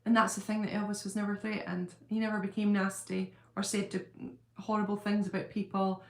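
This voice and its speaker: A woman's voice: medium pitch, level tone, brisk, gravelly. A woman hosting her own channel, chatting casually on a live stream and rambling as she answers viewer comments at home. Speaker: channel host. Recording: roomy echo.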